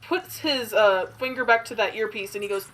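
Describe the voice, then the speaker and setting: A woman's voice: mid-range voice, moderate pace, a bit bright. A woman playing a tabletop role-playing game, narrating her character's actions in a playful, improvising way. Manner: playful, giggly, improvising aloud. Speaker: player.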